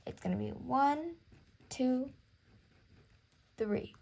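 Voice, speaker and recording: A woman's voice: high voice, drawn-out words, creaky, a little mellow. A young woman teaching a music theory lesson, counting beats aloud and apologizing for small slips.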